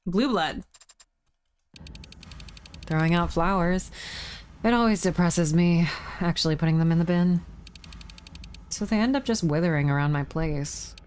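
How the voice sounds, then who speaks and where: A woman's voice: on the low side, measured pace, long pauses, a little mellow, a little hiss or hum. A woman streamer reading game dialogue aloud with chatty, amused asides.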